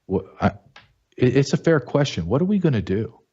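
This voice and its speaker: A middle-aged show host with a mid-range, dark voice and a breathy edge speaks a little fast, his pitch swinging widely. He delivers blunt, emphatic opinion commentary, firing off rhetorical questions. The recording sounds dull and lo-fi.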